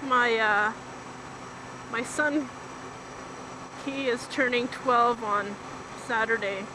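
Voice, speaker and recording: Slow-talking chatty woman over road noise. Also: on the high side, steady tone. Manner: rambling, chatty, laughs easily. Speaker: vlogger riding a motorcycle. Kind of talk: casual chat while riding. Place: outdoors on a bike. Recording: loud road and wind noise.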